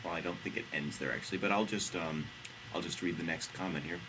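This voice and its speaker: A man co-hosting a casual radio show, wry and unhurried, reading comments aloud. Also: sits low, steady tone, noisy background. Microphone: studio mic.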